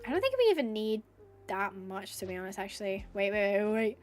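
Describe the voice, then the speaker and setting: Over soft background music, a young Minecraft streamer chats casually while playing a building game, thinking out loud and pouring out thanks, teary and a little snotty. She speaks briskly and expressively in a medium-pitched voice.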